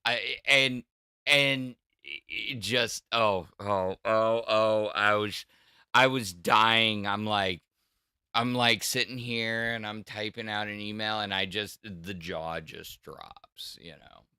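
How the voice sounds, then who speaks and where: A man chats casually on a livestream, rambling and circling back on his words. His voice is bright and smooth, and it is recorded close and dry. He speaks at a slow, unhurried pace. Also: fairly low pitch, steady tone, no room sound. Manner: rambling, with stammered restarts. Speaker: podcast co-host.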